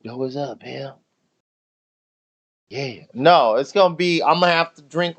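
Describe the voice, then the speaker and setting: A young man telling stories during a casual live stream with loud slangy banter, drinking while he talks at home. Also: medium pitch, unhurried, pauses often, lo-fi sound. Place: home, near the grill.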